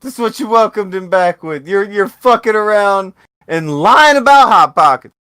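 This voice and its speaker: Loud, bright-toned profane man. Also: high-pitched, expressive, moderate pace, clean tone. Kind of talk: casual stream chat.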